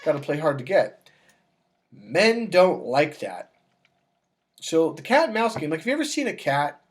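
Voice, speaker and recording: A man working as a dating coach, talking casually to camera and telling stories with acted-out dialogue. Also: unhurried. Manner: animated storytelling, acts out dialogue with raised pitch.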